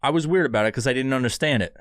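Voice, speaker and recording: A man's voice: mid-range voice, racing, no echo, clean studio sound. Rambling, profane male podcast host. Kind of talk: solo podcast talk with ad read. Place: podcast studio.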